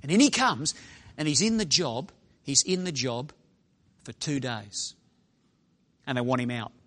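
A middle-aged man preaching to young people in a dramatic storytelling style, swinging from loud exclaiming to hushed asides. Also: medium pitch, lively intonation, unhurried.

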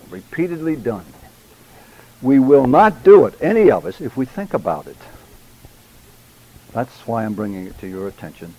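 A man lecturing a church class on public speaking, enunciating deliberately and stressing key words, sometimes addressing students by name. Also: fairly low pitch, darkish tone, breathy edge, poor audio. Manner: measured, emphatic, deliberate enunciation.

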